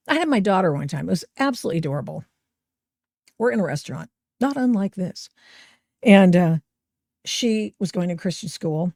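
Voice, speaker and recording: A woman's voice: medium pitch, brisk, vocal fry, pauses often, dry recording, studio quality. A middle-aged woman hosting a podcast, giving opinionated, sarcastic commentary over video clips. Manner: sarcastic, animated, mocking voices she quotes. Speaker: podcast host.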